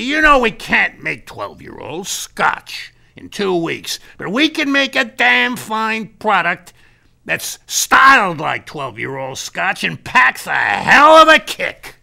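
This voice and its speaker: On the high side and creaky, the man's sharp-toned voice is heavily acted as he plays a boastful American businessman who insists he's a Scottish laird. It's an improvised comedy monologue of brash, self-important sales patter.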